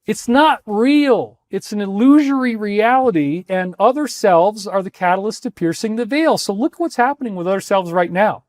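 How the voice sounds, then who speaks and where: A man with a high voice speaks with fervent emphasis and often repeats a phrase to drive it home. He addresses his listeners directly, as if giving a talk. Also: animated, normal speed, few pauses, darkish tone, no echo, studio quality. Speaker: speaker in archived clips. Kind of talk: impassioned talk to viewers.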